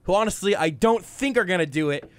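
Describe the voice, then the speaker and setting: A man hosting a sports talk radio show, delivering brash, animated hot takes at a rapid clip. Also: sits high, clear, resonant tone, no echo. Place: radio studio.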